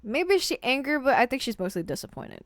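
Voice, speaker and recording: A woman's voice: high voice, very animated, brisk, dry recording, studio quality. A woman streaming herself as she reacts to a movie, chatting casually, rambling, and often repeating words as she trails off. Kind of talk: casual live-stream commentary.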